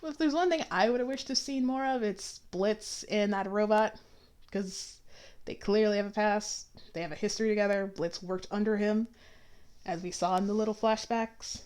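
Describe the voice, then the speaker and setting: A woman's voice: mid-range voice, fairly even intonation, normal speed, darkish tone, clear, resonant tone. A woman giving an opinionated, chatty review with sarcastic asides. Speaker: YouTube reviewer. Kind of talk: casual review commentary.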